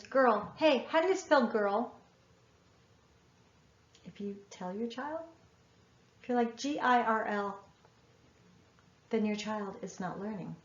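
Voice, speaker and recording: A woman's voice: medium pitch, darkish tone. A woman, a writing educator, giving a masterclass lecture with earnest, emphatic advice to parents. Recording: echoey room, dull lo-fi sound.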